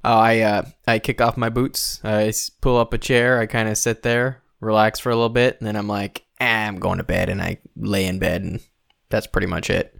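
A man's voice: on the low side, level tone, normal speed, vocal fry, a bit bright, no room sound. A man playing a tabletop game, talking in a dry, laid-back way. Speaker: player. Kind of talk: casual in-character game talk.

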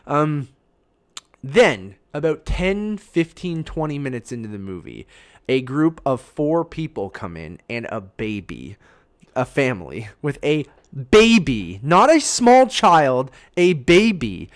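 A man, co-hosting a casual podcast chat, telling a story in an animated way, swearing and acting out his own reactions. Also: mid-range voice, takes it slowly. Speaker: podcast co-host.

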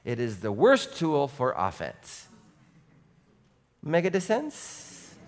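A man preaching a sermon as pastor, animated, going from soft asides to shouts and acting out what people say. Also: mid-range voice, takes it slowly, pauses often. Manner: animated, swings between soft and shouting, acts out quotes.

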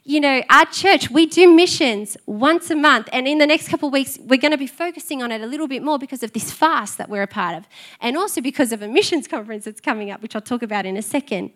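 High-voiced woman preaching. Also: lively intonation, quick pace, a bit bright. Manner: earnest, conversational preaching with personal stories. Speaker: pastor. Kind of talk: sermon.

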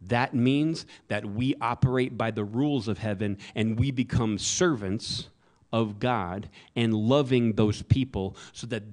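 A man's voice: on the low side, a little mellow. Conversational man preaching a sermon. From American South. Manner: conversational, joking asides. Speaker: pastor.

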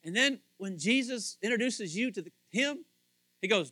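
A man preaching with a high, lively voice that leaps between near-whispered asides and loud calls. His tone is bright and forceful, and the sound is dry and close. He keeps putting pointed questions straight to his congregation. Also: moderate pace, no echo. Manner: animated, swings from hushed asides to shouting. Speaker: pastor. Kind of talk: sermon.

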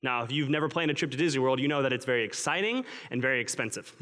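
A man preaching from a church platform, his voice trailing into a long reverb that fills the hall. He talks in an earnest, conversational way, like telling a story to a friend, at an everyday pitch for a man. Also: lively intonation, fast, a bit bright. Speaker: pastor. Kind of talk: sermon.

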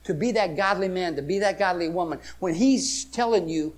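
A man preaching a sermon, swinging between loud emphatic exclamations and hushed storytelling. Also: high-pitched, moderate pace.

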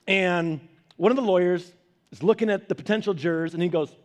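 A man preaching a sermon as a pastor, telling family stories in an animated way with laughing asides. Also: high voice, fairly quick.

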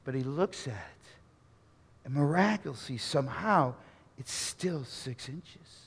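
A man preaching a sermon, telling a story dramatically and swinging from near-shouts to hushed murmurs. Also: mid-range voice, animated, unhurried, creaky, slightly rough, big-room sound. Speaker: pastor.

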